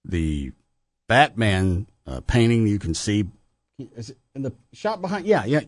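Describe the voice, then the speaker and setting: Man in his 50s, radio host, animated storyteller, dry studio sound. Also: fairly low pitch, a little slow, dry recording. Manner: rambling storyteller, lively. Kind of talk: casual chat.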